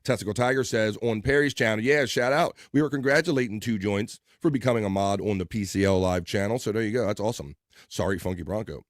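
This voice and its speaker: A man's voice: lowish voice, fast, dry recording, studio quality. A man hosting a casual livestream, upbeat and playful as he reads out chat messages and greets viewers by name. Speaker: livestream host.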